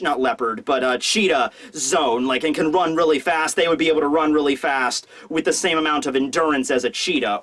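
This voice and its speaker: High-voiced man rambling through a review. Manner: animated, rambling, lots of fillers. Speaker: manga review host. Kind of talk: casual video commentary.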